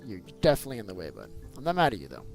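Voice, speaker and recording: A man hosting a casual gameplay video, animated and teasing, who keeps calling his child "bud" and breaks into loud bursts of excitement. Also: lowish voice, very fast, gravelly, soft background music. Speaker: gaming channel host and father.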